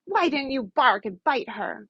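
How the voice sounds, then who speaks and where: A cruel old storybook witch, snarling and grasping, as a woman reads her part. Her voice sits a little high and sounds close and dry. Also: sing-song, measured pace, husky, no echo, highs cut off, heavily acted. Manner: snarling demands.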